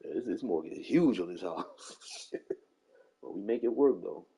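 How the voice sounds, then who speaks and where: Animated, husky-voiced man telling stories. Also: low-pitched, normal speed, rough recording. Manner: animated storyteller, profane, acts out quoted people. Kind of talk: casual chat.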